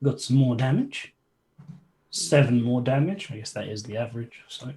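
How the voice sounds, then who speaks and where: Man, game master, relaxed and chatty, online tabletop session. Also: mid-range voice, normal speed, slight background noise. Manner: relaxed, chatty, cursing mildly at stream problems.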